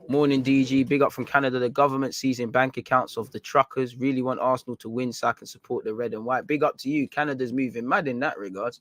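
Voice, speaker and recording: A man's voice: medium pitch, no room sound. A man hosting a fan live stream, chatting casually in slang and reading out viewer comments. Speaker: fan channel host.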